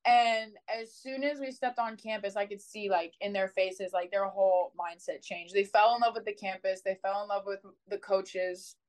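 A woman's voice: mid-range voice, normal speed, few pauses, rough recording. Young woman, college sprinter guest, casual chatty storyteller. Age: young adult. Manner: chatty, animated, many "like" fillers.

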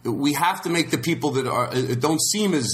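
A man's voice: on the high side, expressive, moderate pace, a little hiss or hum. A man hosting a podcast in casual chat, rambling and restarting his sentences, slipping into voices when he quotes people. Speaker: podcast host.

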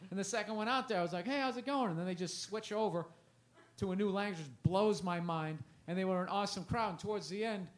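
A man's voice: sits high, fairly even intonation, quick pace. A man who is a stand-up comedian, chatting casually in an interview, rambling and self-deprecating, often trailing off and restarting.

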